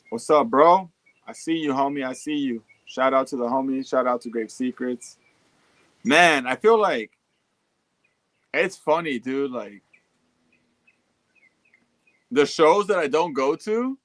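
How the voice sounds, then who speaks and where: A man's voice: mid-range voice, slow, pauses often, a bit bright, no room sound. A young man chatting casually on a livestream, reading out fan messages in a laid-back, slangy and profane way.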